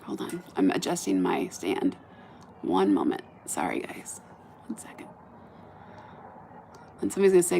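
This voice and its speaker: A woman live streaming outdoors at night into a phone on a stand, chatting in a bubbly way and often dropping to a soft murmur. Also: medium pitch, expressive, normal speed, vocal fry, slight background noise. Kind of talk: casual live stream chat. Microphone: phone camera on a stand.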